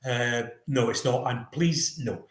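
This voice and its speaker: A man's voice: medium pitch, slow pace. Wry man with a roomy echo. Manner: wry, teasing banter. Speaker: podcast co-host. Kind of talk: casual chat.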